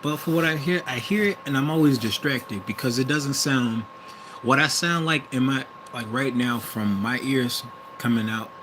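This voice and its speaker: Vehicle noise hums behind a young Midwestern man with a Wisconsin accent as he vlogs in a medium-pitched voice at a moderate pace. He rambles hesitantly through a casual monologue, often restarting and correcting himself.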